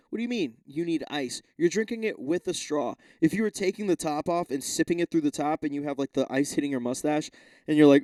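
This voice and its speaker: Hosting a podcast solo, a man rambles through a casual rant full of swearing, restarts and asides, constantly interrupting himself. His voice is a little high, a little mellow, animated and brisk, captured in a dry, studio-quality recording.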